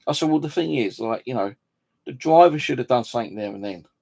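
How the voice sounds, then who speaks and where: A vlogger with a mid-range, somewhat mellow, husky voice and vocal fry tells an angry story in a casual monologue, speaking fast and animatedly. Indignant, he swears freely and acts out the conversations, retelling the dialogue.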